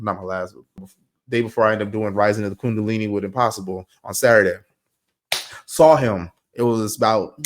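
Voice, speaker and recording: Slangy man telling a story. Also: on the low side. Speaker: podcast host. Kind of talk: casual monologue.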